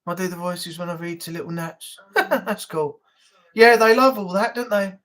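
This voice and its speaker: A man's voice: sits high, steady tone, moderate pace, fairly bright tone. A man hosting a casual live-stream chat, talking in a rambling, easygoing way with frequent laughs.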